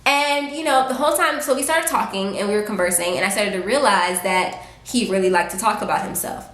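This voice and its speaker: A woman vlogger telling a story in a casual, animated, sassy way. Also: mid-range voice, fairly quick. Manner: animated, sassy storytelling with lively acted quotes. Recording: roomy echo.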